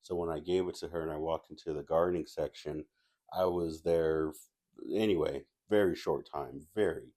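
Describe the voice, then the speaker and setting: A man's voice: very deep voice, steady tone, moderate pace, dark tone. A man casually telling a personal story as a movie reviewer, rambling with restarts and asides.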